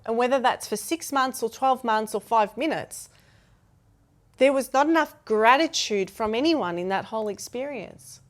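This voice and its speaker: Higher-voiced woman speaking emphatically. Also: normal speed. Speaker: podcast guest. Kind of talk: casual interview chat.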